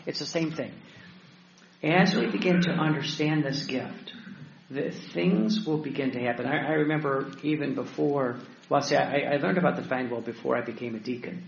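A male deacon delivers a sermon-style teaching talk with a gravelly edge, often stumbling over restarts and fillers as he tells his stories. The recording is roomy and echoey, slightly dull and lo-fi, with faint ambience behind him. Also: mid-range voice, slight background noise. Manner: storytelling, halting with many restarts and fillers.

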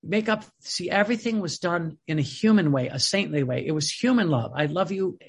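Husky, high-voiced male preacher. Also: animated, brisk. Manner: earnest, emphatic, swings between loud and soft. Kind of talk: sermon reading and commenting on devotional texts.

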